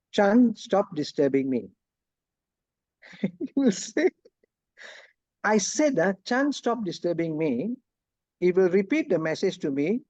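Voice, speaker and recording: A man's voice: on the high side, mellow, no echo, muffled recording. A man giving a casual online lecture, chatty and laughing often, checking in with his students. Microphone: video call.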